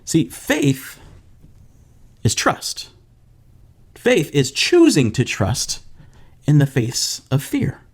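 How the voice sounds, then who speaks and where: A young man preaching a casual sermon. He tells a story and acts out the quoted voices with animated energy. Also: fairly high pitch, very slow, pauses often, husky. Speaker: pastor.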